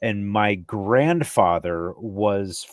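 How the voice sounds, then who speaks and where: A man's voice: fairly low pitch, animated, extremely slow, dry recording. A man from Wisconsin with a northern Wisconsin accent, joking in casual banter and tagging lines with "eh". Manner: jokey, folksy, ends lines with "eh".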